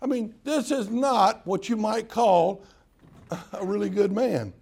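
A man's voice: high-pitched, takes it slowly, darkish tone, breathy edge. An older man preaching a folksy sermon, joking with the congregation and acting out prayers in mock-crying voices. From Southern US. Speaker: pastor.

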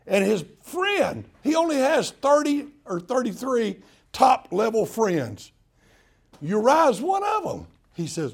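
A man's voice: high voice, sing-song, measured pace, creaky, darkish tone, slightly rough. An older man preaching a folksy sermon, joking with the congregation and acting out prayers in mock-crying voices. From Southern US. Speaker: pastor.

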